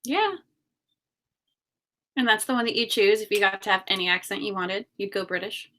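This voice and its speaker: A woman's voice: medium pitch, moderate pace, sharp tone. A woman who giggles a lot, talking as a guest in a casual podcast chat. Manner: giggly, self-deprecating.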